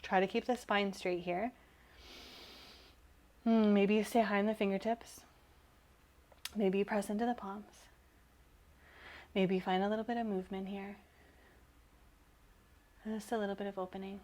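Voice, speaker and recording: A woman instructor giving calm, encouraging yoga cues while moving, slightly out of breath. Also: mid-range voice, moderate pace, long pauses. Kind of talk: guided yoga class cues.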